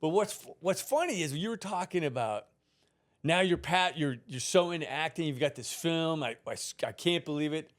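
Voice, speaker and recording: A man's voice: fairly high pitch, normal speed. A middle-aged man hosting a podcast in casual chat, telling stories and acting out the people he quotes. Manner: lively storyteller who acts out the people he quotes. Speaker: podcast host.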